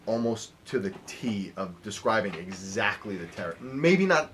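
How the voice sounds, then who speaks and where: A man's voice: on the low side, sing-song, moderate pace, noisy background. Chatty man running a tabletop game. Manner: loose, chatty narration with fillers. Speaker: game master.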